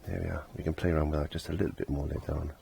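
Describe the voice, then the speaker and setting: A man's voice: very deep voice, level tone, very fast, vocal fry, dark tone, slight background noise. A middle-aged man teaching a casual painting lesson, chatty and laughing at himself, trailing off when he concentrates.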